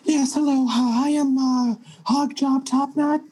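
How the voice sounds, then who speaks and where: A man's voice: very high voice, fairly even intonation, a little slow, dark tone, rough recording. A man playing a pompous little author. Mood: pretentious. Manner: pretentious, pushy, stammering. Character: small pompous old author, gnome-like, pushy. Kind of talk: tabletop role-play.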